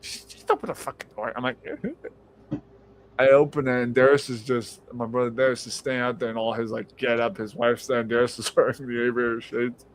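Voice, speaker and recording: A man hosting a live-streamed podcast, telling a story in a casual, animated way, swearing freely and acting out the voices of the people in it. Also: medium pitch, normal speed, a little hiss or hum. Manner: animated, profane, acts out quoted voices. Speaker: podcast host.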